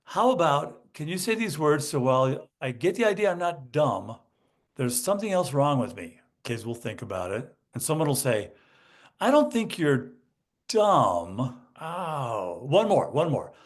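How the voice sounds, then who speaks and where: Animated man demonstrating vocal emphasis. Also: fairly high pitch, moderate pace. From United States. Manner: animated, demonstrates emphasis by acting out student lines. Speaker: guest, educational consultant. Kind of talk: podcast interview.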